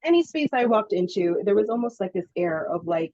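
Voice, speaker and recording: A woman in her thirties telling personal stories as an interview guest, lively and quick to laugh. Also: medium pitch, no room sound, muffled recording. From Filipino heritage. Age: 30s. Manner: animated storytelling, laughs often. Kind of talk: casual interview chat.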